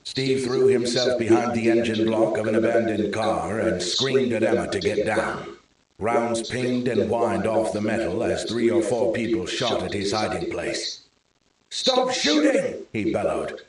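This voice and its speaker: A man narrating a thriller audiobook in a steady, measured reading. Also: fairly low pitch, far from the mic. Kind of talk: scripted narration. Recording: very echoey room.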